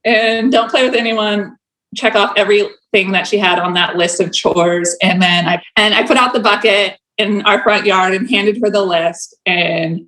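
A woman's voice: medium pitch, steady tone, normal speed, a bit bright, low-quality recording. A young woman telling a personal story in casual chat, laughing often and filling her talk with "like". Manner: chatty, laughs often, many "like" fillers.

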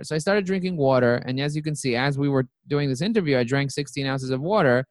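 A man's voice: mid-range voice, fast, few pauses, no room sound. A man, a company CEO, telling his story as an interview guest and acting out his own quoted lines.

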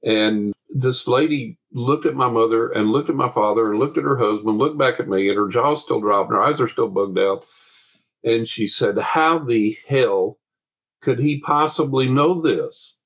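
A man telling a paranormal story from his childhood in a casual interview, animated and acting out the voices of the people in it. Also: mid-range voice, normal speed, breathy edge, low-quality recording.

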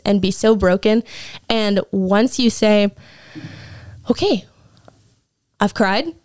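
A woman's voice: mid-range voice, darkish tone, clear, resonant tone, no echo, clean studio sound. A young woman, a Bible school student, giving an earnest, emotional personal testimony as an interview guest, often saying "like". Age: young adult. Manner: earnest, emotional, frequent "like" fillers.

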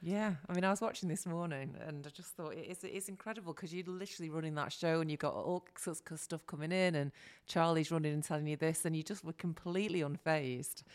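A woman's voice: deep voice, fast, hardly any pauses, smooth. A woman with a Mancunian accent hosting an interview, chatty and encouraging. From Salford, England. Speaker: podcast host. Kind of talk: casual interview chat.

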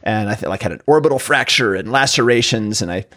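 A man hosting a medical podcast, an emergency physician who chats casually and tells self-deprecating stories from his work with animated energy. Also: fairly low pitch, fast talker. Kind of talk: casual chat, anecdotal storytelling.

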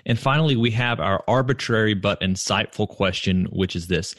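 A man hosting a podcast interview, asking questions in a measured, reflective way. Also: on the low side, a bit bright, no echo, clean studio sound. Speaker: podcast host.

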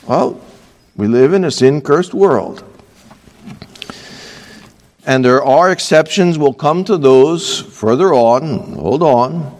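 A man's voice: a little high, animated, slow pace, pauses often, a little mellow, in a large hall. A man preaching a sermon from a church pulpit, earnest and emphatic, with offhand asides. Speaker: pastor.

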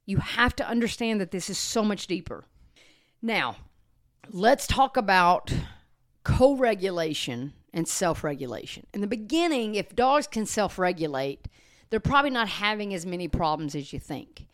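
Earnest woman explaining on a podcast. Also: medium pitch. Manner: earnest, explanatory, slows and softens to demonstrate calm talk. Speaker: podcast co-host and dog trainer. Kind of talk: casual podcast chat.

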